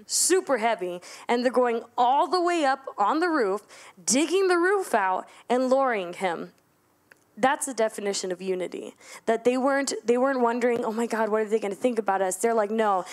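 A young woman giving a casual, playful sermon at a church service, joking with the congregation between points. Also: fairly high pitch. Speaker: youth speaker at church service.

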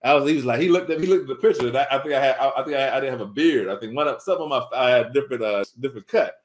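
Animated storytelling man on a podcast. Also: medium pitch, very fast. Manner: animated, repetitive storytelling full of "man" and "bruh"; faith-filled, earnest. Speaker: guest, food business owner.

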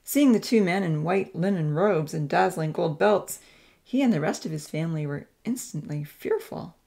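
A woman narrating a Christian novel in a measured, expressive reading voice. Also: fairly low pitch, vocal fry. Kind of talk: scripted audiobook narration.

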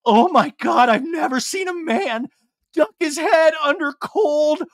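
A breathless, starstruck woman, as a male podcaster puts her on, squeals way up high in long, drawn-out gasps. She gushes and can barely contain herself. The voice sits dry and close. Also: animated, no echo, full character voice. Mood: giddy.

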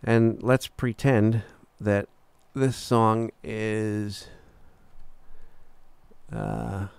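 Gravelly, dry-voiced man explaining software. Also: a little slow, no room sound. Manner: relaxed, talks through steps as he clicks, frequent "uh" and "boom". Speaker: recording engineer teaching software. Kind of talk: screen-recorded software tutorial.

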